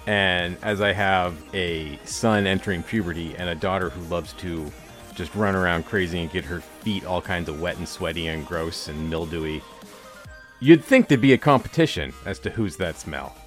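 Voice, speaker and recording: Deep-voiced self-mocking male co-host. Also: normal speed, soft background music. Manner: self-deprecating, rambling, drops into soft mumbles. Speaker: podcast co-host. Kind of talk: casual podcast banter.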